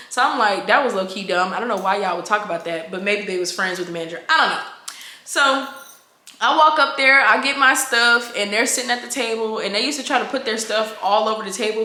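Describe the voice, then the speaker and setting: A woman, telling a casual storytime, animated and slangy, acting out the dialogue. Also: medium pitch. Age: 20s. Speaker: vlogger. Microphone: camera mic. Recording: echoey room.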